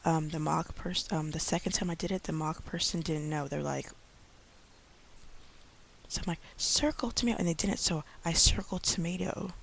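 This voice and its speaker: A woman in her thirties, an online English teacher, giving chatty tips in a casual vlog with many fillers, slowing down to model speech for young learners. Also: deep voice, fairly even intonation, creaky, a little hiss or hum. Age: 30s.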